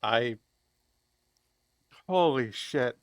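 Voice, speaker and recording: A man streaming a video game live, chatting casually and rambling as he plays, swearing freely and laughing loudly at chat. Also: medium pitch, lively intonation, extremely slow, gravelly, no echo. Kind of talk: live gameplay commentary.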